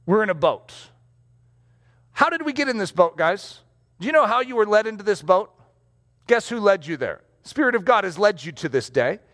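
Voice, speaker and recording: A man preaching a sermon to a congregation in a conversational, animated way. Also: high voice, moderate pace. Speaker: pastor. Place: church hall before a congregation. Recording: long hall reverb.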